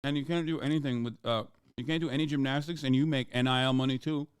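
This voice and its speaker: A streamer reacts to a clip in casual, heavily profane commentary, mocking what he watches. His voice is smooth and clear, recorded dry and close. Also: mid-range voice, fairly even intonation, fast talker, no room sound.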